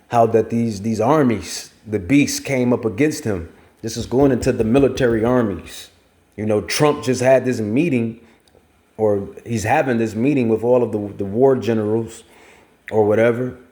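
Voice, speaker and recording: A man's voice: mid-range voice, warm tone. A man preaching and reading scripture at length, rambling and repeating phrases for emphasis, with features. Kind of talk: scripture teaching.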